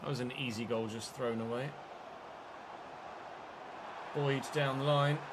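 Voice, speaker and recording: A man's voice: mid-range voice, steady tone, a little slow, noisy background. A young man streaming a football video game, calling the play like a match broadcaster, with muttered asides and the odd outburst. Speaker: gaming streamer. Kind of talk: live game commentary.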